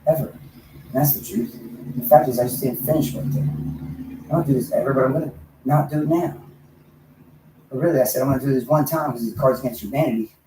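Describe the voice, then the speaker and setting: Rambling man, swears freely, lurches from mutters to shouts; set back from the mic in a roomy hotel room with faint hiss. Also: medium pitch, steady tone, a little fast, long pauses, far from the mic. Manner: erratic, profane, swinging from mumbling to yelling. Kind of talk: rambling monologue.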